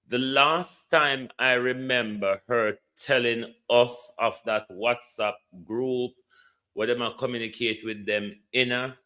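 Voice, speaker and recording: A man's voice: mid-range voice, steady tone, slow pace, bright, forceful tone. A Jamaican man hosting a commentary show, making impassioned appeals to the government and answering listeners. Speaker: host.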